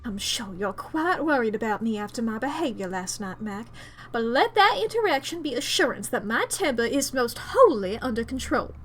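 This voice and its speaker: A woman's voice: on the high side, sing-song, moderate pace, fairly bright tone, a little hiss or hum. A woman voicing a haughty talking cat with prim, flowery formal speech.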